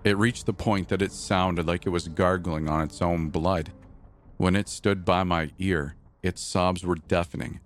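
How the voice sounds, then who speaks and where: Deep-voiced male horror narrator. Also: fairly even intonation, unhurried. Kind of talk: scripted first-person horror narration. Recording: narration over faint background music.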